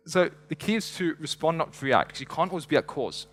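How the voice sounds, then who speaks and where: A young man rattles through a motivational stage talk at a brisk clip. He stays energetic and conversational and tosses joking asides to the crowd. His voice rings out with a long reverb in a big hall. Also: fairly high pitch. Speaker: motivational speaker. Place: stage before a live audience in a large hall.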